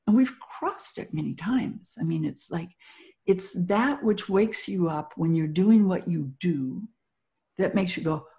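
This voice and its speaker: Middle-aged woman, low warm voice, animated motivational storyteller, interview guest. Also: moderate pace. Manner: animated storyteller acting out little quoted scenes. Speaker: guest, business founder.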